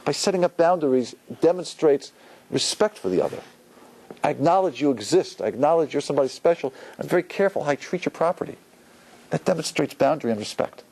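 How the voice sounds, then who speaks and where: A man's voice: a little high, expressive, fast talker, vocal fry, a little mellow, slightly rough, low-quality recording. Man giving a casual Torah lecture. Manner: conversational, loose with fillers, acts out quotes with a rising voice. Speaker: rabbi teaching a class.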